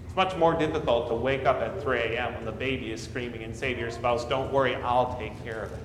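A pastor preaching a sermon, stressing key words loudly and then dropping low and quiet. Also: male voice, brisk, few pauses, slight background noise. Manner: emphatic, rising for stressed words and dropping to near-whispers. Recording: echoey hall, faint room ambience.

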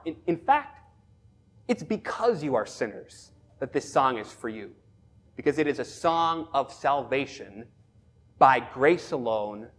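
A man preaching with fervent, emphatic delivery. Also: medium pitch. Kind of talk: sermon.

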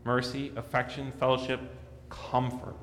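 A man preaching a sermon, earnest, rising for emphasis and dropping to a soft hush. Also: completely flat delivery, unhurried, big-room sound, slight background noise. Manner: earnest, rises in pitch and volume for emphasis, drops to a soft hush. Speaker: pastor.

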